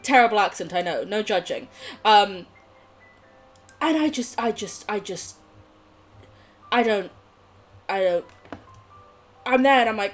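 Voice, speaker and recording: A woman's voice: on the high side, big pitch swings, normal speed, long pauses, faint music behind. Giggly young woman streaming a game. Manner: bubbly, giggly, swearing, chatting to viewers. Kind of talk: casual live gameplay chat.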